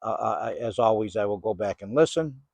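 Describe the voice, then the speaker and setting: An older man investigating the paranormal, outdoors in a rainy cemetery, calling out slow, patient questions to spirits. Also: fairly low pitch, vocal fry, dry recording.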